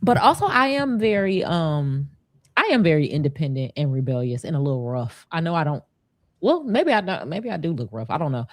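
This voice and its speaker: A woman with a low, dark-toned voice talks in loose, unscripted chat. Her pitch swings widely as she jokes and tells a story, cursing casually along the way. The sound is close and dry, with almost no room on it. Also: brisk, dry recording. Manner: animated and playful, swears casually.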